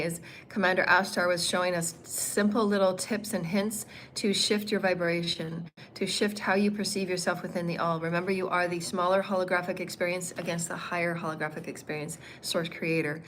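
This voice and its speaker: A woman with a fairly low voice, giving a livestreamed spiritual teaching. She meanders and repeats herself, filling pauses with ums. A faint hum of noise sits behind her voice. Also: flat delivery, fairly bright tone. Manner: meandering, repetitive phrasing with frequent ums.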